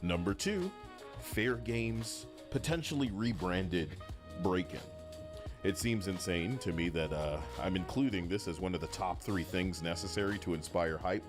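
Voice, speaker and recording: Deep-voiced sarcastic male commentator. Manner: sarcastic, rambling, mocking. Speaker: host. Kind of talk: opinionated gaming commentary.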